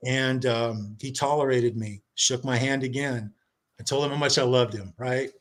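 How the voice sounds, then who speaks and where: A man telling a long anecdote as a podcast guest, animated and acting out quoted dialogue, over a video call. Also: medium pitch, normal speed. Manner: animated storyteller, acts out quoted voices. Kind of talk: casual storytelling chat.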